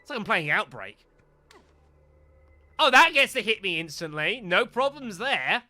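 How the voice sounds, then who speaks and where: A man's voice: sits high, very animated, unhurried, bright, forceful tone, no room sound. A man streaming a game live, talking to viewers as folks and getting exasperated at missed shots. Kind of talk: live gameplay commentary.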